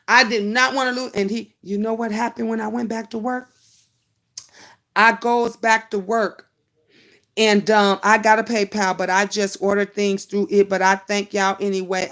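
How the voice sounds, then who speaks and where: A woman's voice: mid-range voice, fairly bright tone. Emotional storytelling woman, chatty livestream host. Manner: chatty, emotional storytelling, addresses viewers as honey and y'all. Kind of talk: casual storytelling to viewers.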